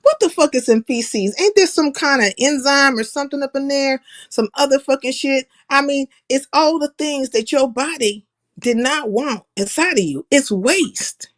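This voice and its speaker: Woman streamer, slightly high voice, blunt and profane, keeps breaking into laughter while she talks. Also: moderate pace. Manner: blunt, profane, laughs at her own jokes. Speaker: live stream host. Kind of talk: casual opinionated monologue.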